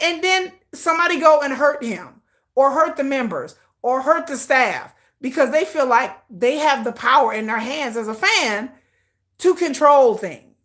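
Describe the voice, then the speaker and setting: A woman's voice: high voice, a bit bright. A woman hosting a casual livestream, ranting with profanity and acting out dramatic quoted voices. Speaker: livestream host.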